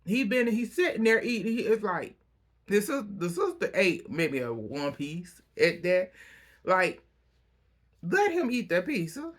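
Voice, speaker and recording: A man casually recapping a reality TV episode, chatty and opinionated, breaking into animated asides. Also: high-pitched, a little slow.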